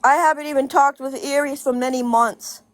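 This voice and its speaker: A woman's voice: high-pitched, steady tone, normal speed, no echo. A woman in a casual vlog rant, blunt and profane, repeating her points for emphasis and laughing between them. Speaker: social media commentator.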